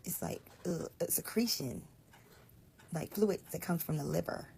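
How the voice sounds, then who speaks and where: A woman retelling a Bible passage in a casual, animated way, explaining as she goes and often dropping to a hushed whisper. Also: lowish voice, unhurried, vocal fry, a little hiss or hum. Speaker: Bible storyteller.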